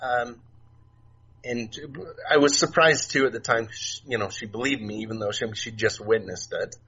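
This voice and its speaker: A middle-aged man telling stories as a podcast guest, soft-spoken and halting, with many fillers and restarts. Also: medium pitch, breathy edge. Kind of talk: casual storytelling interview. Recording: dull lo-fi remote audio, faint noise.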